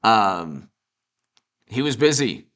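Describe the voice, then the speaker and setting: Sarcastic bright-voiced male commentator. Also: fairly low pitch, very animated. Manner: mocking, sarcastic, rambling, with frequent restarts and quick laughs. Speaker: political commentator and show host. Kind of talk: off-the-cuff political commentary.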